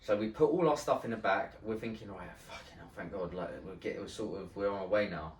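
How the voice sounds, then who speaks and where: A man telling a story in casual podcast chat, halting and swearing, with many restarts. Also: fairly low pitch, a little hiss or hum. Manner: halting and profane, with frequent restarts. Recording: roomy sound from a distant mic.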